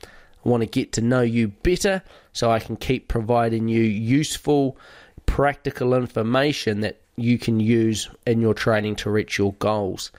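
A male podcast host talks listeners through training ideas in an easy, conversational way, listing points and pausing on the odd filler. His voice sits in a middle register. The recording is close and dry, with no room sound. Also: mid-range voice, darkish tone, dry recording. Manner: conversational, explains with lists and fillers. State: recovering from a cold. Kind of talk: podcast monologue.

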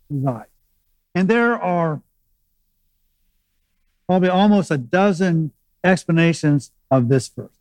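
Man, pastor, sermon, chatty teaching with restarts, slightly high voice, dry close sound. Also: a little mellow, dry recording, poor audio. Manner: conversational teaching with asides and restarts.

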